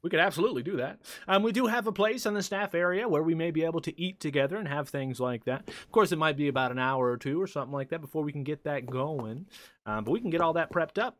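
A man's voice: quick pace, fairly bright tone, no echo, natural voice. A man voicing a flamboyant male carnival ringmaster in a showy, theatrical announcer manner. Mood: polite host. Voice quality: high, theatrical showman voice. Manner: grand announcer delivery, prim and flustered.

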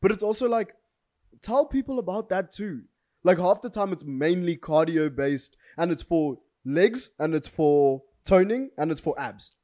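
A man's voice: high-pitched, expressive, a little slow, dark tone. A young man in his twenties chatting casually as a podcast co-host, laid-back and full of slang like bro and dude. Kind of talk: casual chat.

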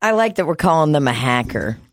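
A woman co-hosting a casual podcast who jokes crudely and laughs often. Her voice sits a little low but moves expressively up and down. The recording is dry and close. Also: sing-song, a little fast, no room sound. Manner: crude, joking, laughs a lot. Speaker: podcast co-host.

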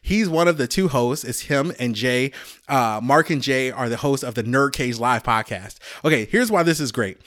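A man's voice: medium pitch, normal speed, a bit bright, dry recording, clean studio sound. A man in his forties from Chicago, hosting a podcast and telling rambling stories in a chatty, self-mocking way. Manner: rambling, chatty storyteller who laughs at himself. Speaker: podcast host. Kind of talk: casual podcast monologue.

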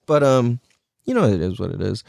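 A man's voice: medium pitch, creaky, darkish tone, no room sound, studio quality. A man talking in a casual, reflective monologue, loose and profane, full of "like" and "you know".

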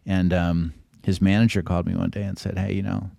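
A man's voice: sits low, level tone, a little fast, creaky, warm tone, no echo. A middle-aged man, a podcast guest, telling rambling anecdotes in a casual way and acting out the voices of people he quotes.

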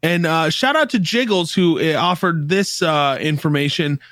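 A man's voice: on the high side, normal speed, fairly bright tone, dry recording, clean studio sound. A man co-hosting a podcast, chatting easily about songs and introducing the next tracks. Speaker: podcast co-host. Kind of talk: casual music review chat.

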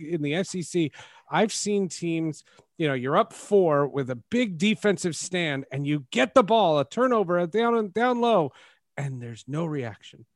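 A man's voice: on the high side, no room sound, studio quality. A man co-hosting a sports podcast, rambling and emphatic. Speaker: podcast co-host. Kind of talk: casual sports chat.

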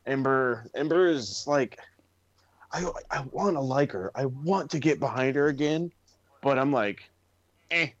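A man's voice: medium pitch, animated, unhurried, no room sound. A man rants through a casual wrestling chat, swearing freely and leaning hard on sarcasm. His voice comes through a muffled, lo-fi recording. The sound is completely dry. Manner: profane, ranting, sarcastic. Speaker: wrestling podcast co-host. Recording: dull dry lo-fi.

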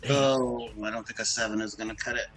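A man playing a tabletop game, joking and animated. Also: medium pitch, brisk, faint music behind, low-quality recording. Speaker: player. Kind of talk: casual tabletop play.

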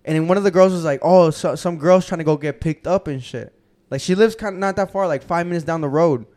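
A young man hosting a podcast, telling a profane, animated story and acting out the quotes in casual chat. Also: a little high, fast. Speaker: podcast host.

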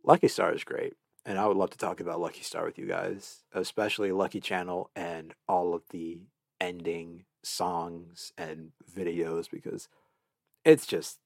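A low-pitched man hosts a solo podcast and gushes about a show he loves. He restarts his sentences often, repeating words as he talks. His voice sounds dry and close, with no room sound. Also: gravelly, a little mellow, no echo. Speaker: podcast host. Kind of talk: solo anime review podcast.

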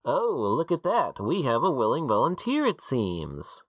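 A man voicing a creepy male cult leader in a mascot costume, who talks in a mocking, theatrical, drawn-out way. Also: mid-range voice, huge pitch swings, no echo, clean studio sound. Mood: gloating.

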